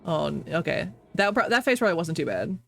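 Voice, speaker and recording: Giggly game streamer, very lively pitch. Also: fast talker, vocal fry, soft background music. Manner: giggly, laughs often, apologizes a lot; talks to chat, reacting to the game. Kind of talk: casual live-stream chatter while playing.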